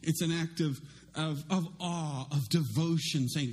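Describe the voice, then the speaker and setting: A middle-aged male pastor preaching a sermon in a conversational, self-deprecating way, with lively swings in his voice. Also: a little high, unhurried.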